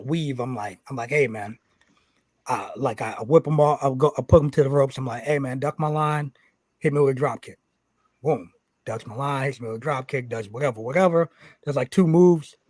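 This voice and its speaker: A man who is a pro wrestler telling a story on a podcast, animated and profane, acting out what people said. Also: mid-range voice, dry recording. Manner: animated, profane, acts out quotes. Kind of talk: casual storytelling.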